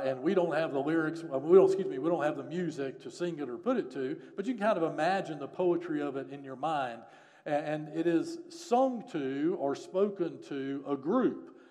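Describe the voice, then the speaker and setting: A man preaching a sermon on a psalm, earnest, rising to emphasis and dropping soft again. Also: a little high, long reverb tail. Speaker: pastor.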